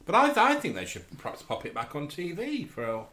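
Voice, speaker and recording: Co-host: English man in middle age, very animated pitch, bright tone, playful banter. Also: fast. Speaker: podcast co-host. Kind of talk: casual chat.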